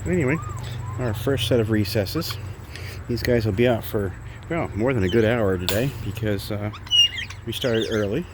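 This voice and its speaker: A bird sanctuary keeper casually walks through his backyard by an aviary, filming a walk-and-talk vlog on a handheld camera amid noisy outdoor ambience. He chats in a rambling, self-correcting way, with a voice on the low side at normal speed.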